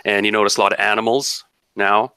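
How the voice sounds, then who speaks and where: A man's voice: fairly low pitch, flat delivery, brisk, bright, forceful tone, clean tone, no room sound. A man narrating as game master of a tabletop game, rambling and descriptive with many restarts.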